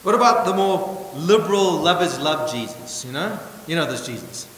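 A male pastor preaching a sermon with emphatic points and wry asides, swinging from loud stresses to hushed remarks. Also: on the high side, animated, normal speed. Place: church hall. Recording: echoey church hall with hiss.

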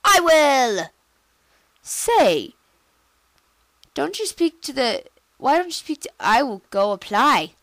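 A woman giving casual let's-play commentary on a computer game, chatty and excitable, jumping into squealy high bursts. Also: slow pace, pauses often, no echo. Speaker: gameplay commentator.

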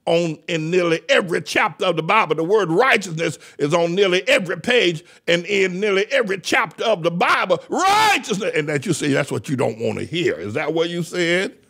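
An older male pastor preaches a fiery, mocking sermon in a high, gravelly voice. He shouts his points and hammers the same phrases again and again. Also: lively intonation, brisk, hardly any pauses. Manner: shouting, mocking, repeating phrases with sudden laughs. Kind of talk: fiery street-style sermon.

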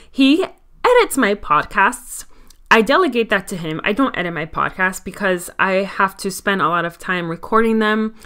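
A woman's voice: mid-range voice, a bit bright. A woman with a Miami accent hosting her own podcast, talking in a chatty, candid and self-mocking way. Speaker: podcast host. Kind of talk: casual solo podcast talk.

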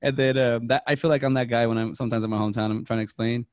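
A man talks through a movie on a podcast at a quick clip, his sentences tumbling over one another as he restarts and corrects himself. The sound is close and dry, with no room around it. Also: medium pitch, no echo. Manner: rambling and excitable, piling up restarts. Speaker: podcast co-host. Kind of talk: casual movie chat.

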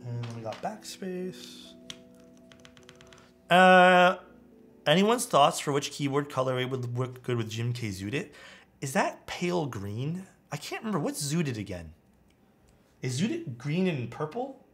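Casting: animated male streamer, slightly high voice, casual think-aloud chat, faint music underneath. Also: measured pace, long pauses. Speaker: streamer building a keyboard.

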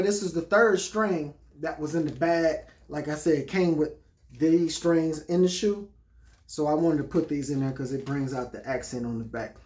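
A man giving a casual sneaker review, talking straight to his viewers. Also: on the high side. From Texas. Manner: chatty, keeps addressing viewers as y'all. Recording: echoey room.

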